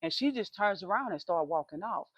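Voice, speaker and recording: A woman's voice: mid-range voice, expressive, brisk, no echo, lo-fi sound. A woman telling a story in a casual, chatty, conversational way.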